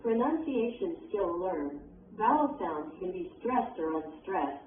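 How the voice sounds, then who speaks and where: A woman reads English exercises and word lists aloud in a measured, teacherly way. Her voice comes through thin and phone-like, set back from the mic in an echoey space with a faint hum behind. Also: fairly low pitch, expressive. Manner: measured, instructional. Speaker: textbook reader. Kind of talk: reading textbook exercises aloud. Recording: echoey, distant, tinny.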